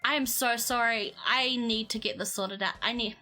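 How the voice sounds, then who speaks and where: Young woman streamer, high bright voice, giggly and gushing, faint game music behind. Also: steady tone, moderate pace. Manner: giggly and effusive, stumbling over words. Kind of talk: casual live-stream chat.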